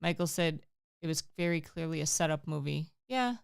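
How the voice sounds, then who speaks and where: Low, smooth-voiced young woman chatting. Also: animated, fairly quick. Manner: offhand, dry remarks, relays viewer comments. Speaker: livestream co-host reading chat. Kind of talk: casual chat. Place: home livestream room.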